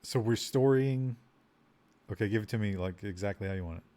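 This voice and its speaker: A man's voice: fairly low pitch, fairly quick, mellow. A man co-hosting a text adventure stream, chatting casually and easygoing as he types in story prompts. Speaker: co-host typing into a text adventure game. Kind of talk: casual game chat.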